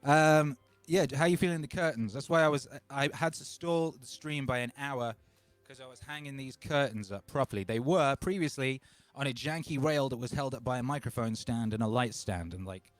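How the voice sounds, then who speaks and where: A man in his forties from England, hosting a home livestream in an excitable, rambling way, talking into a microphone run through a DJ mixer. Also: medium pitch, normal speed, dry recording. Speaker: livestream host and DJ. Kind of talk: casual livestream chat. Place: home studio. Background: faint music bed.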